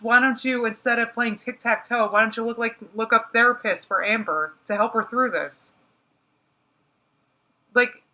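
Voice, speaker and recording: A woman's voice: fairly high pitch, pushed and bright, poor audio. A woman hosting a casual reaction stream with a New Jersey accent, talking bluntly and with exasperation, laughing often. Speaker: host reacting to a livestream.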